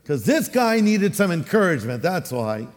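A man with a Californian accent preaching a sermon as a pastor, animated and acting out the voices he quotes. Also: high-pitched, normal speed, long reverb tail.

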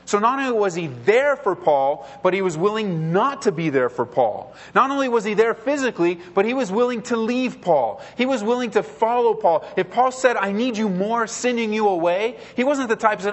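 A man with a high voice preaches to his congregation. He is earnest and drives points home by repeating phrases, slipping into the voices of people he quotes. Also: expressive, moderate pace. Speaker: pastor. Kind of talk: sermon.

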